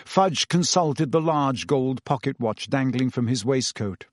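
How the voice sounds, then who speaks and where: A man reading a novel aloud as an audiobook, with steady, expressive storytelling. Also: medium pitch, a little slow, dry recording, clean studio sound. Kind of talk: audiobook narration.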